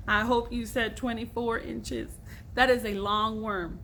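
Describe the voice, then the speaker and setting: A woman teacher reads a chapter book aloud to her students and stops now and then to quiz them. Her voice is bright and sits a little high, with faint noise behind it. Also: fairly even intonation, moderate pace. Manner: warm storytelling with asides to the class. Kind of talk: reading a novel aloud to students.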